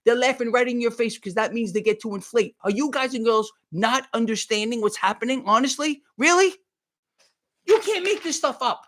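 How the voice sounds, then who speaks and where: A man's voice: extremely high pitch, brisk, fairly bright tone. A middle-aged man doing a live market commentary, heated and sarcastic, often repeating himself as he rants.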